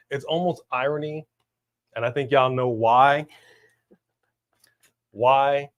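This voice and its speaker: A man co-hosting a live wrestling watch-along stream, chatting casually, slangy and animated as he reads out viewer messages. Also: medium pitch, takes it slowly, pauses often.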